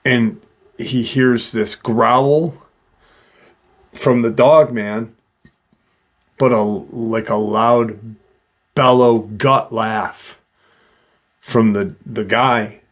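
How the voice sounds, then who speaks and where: A middle-aged man slowly retelling a witness's eerie encounter in a casual, halting way, with many fillers. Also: medium pitch, steady tone. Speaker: host retelling a witness account. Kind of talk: casual storytelling.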